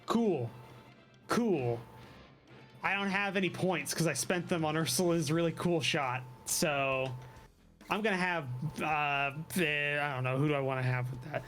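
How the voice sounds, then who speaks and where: A game master running a live tabletop game, laughing often and tossing in quick asides while calling rolls and narrating. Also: medium pitch, a bit bright, faint music behind.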